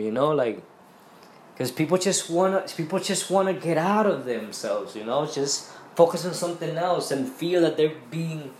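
A man's voice: a little high, brisk, darkish tone, slight background noise. Earnest rambling man in a roomy space. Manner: rambling, earnest, many restarts and fillers. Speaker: podcast host. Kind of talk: casual spiritual monologue.

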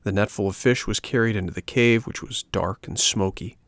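A male audiobook narrator reading a classic children's tale in a measured, even way. His voice sits low and has a gravelly grain, recorded close and dry with no room sound. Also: no echo. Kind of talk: scripted storybook narration.

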